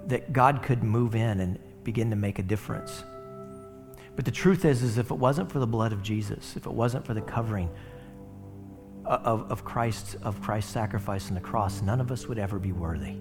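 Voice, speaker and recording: A man preaching a sermon in a conversational way, with rhetorical asides to the congregation. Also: lowish voice. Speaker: pastor.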